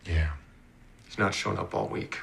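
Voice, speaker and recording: An actor playing a guarded, streetwise small-time dealer who has turned informant. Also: male voice, low-pitched, steady tone, measured pace, gravelly, a bit bright, a little hiss or hum, heavily acted. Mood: wary. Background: film score music.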